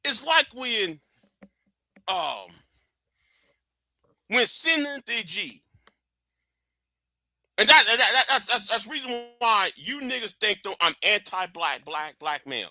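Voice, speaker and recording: A man's voice: sits high, animated, a little slow, pauses often, bright, forceful tone, no room sound. A man hosting a livestream, giving a blunt, profane and emphatic commentary rant. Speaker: livestream host.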